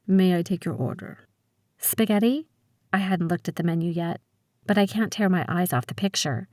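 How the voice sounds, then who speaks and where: A woman reading a first-person audiobook with a steady, measured delivery. Her voice sits on the low side, and the sound is dry and close, with no room in it. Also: no echo. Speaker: audiobook narrator.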